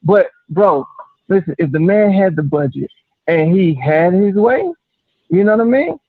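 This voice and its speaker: Man, caller, emphatic, high voice, tinny phone sound. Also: lively intonation, normal speed, no echo. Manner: emphatic, repeats "you know what I mean". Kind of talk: casual call-in chat.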